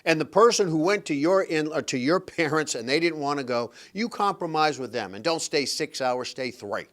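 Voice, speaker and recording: A man's voice: on the high side, lively intonation, normal speed, a bit bright. A middle-aged man hosting a podcast, giving relationship advice in an emphatic, blunt, preachy motivational monologue. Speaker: podcast host and relationship coach.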